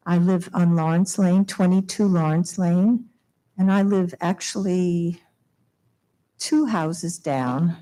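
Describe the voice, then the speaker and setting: A woman's voice: on the low side, flat delivery, a little slow, mellow. A woman in her seventies from Long Island, New York, making a heartfelt, emotional plea as a resident at a town hall hearing, speaking into a podium microphone. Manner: emotional, heartfelt pleading with nervous laughs. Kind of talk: public comment at town meeting. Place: town hall meeting room.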